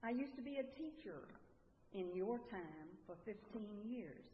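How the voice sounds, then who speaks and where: A woman playing a slow-spoken devout mother of ten. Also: medium pitch, lively intonation, slight background noise, natural voice. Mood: earnest. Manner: homespun, gently storytelling. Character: devout mother of ten, telling family stories. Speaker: church storyteller in costume. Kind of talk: first-person dramatic monologue. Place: church hall. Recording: echoey hall on a thin, phone-like line.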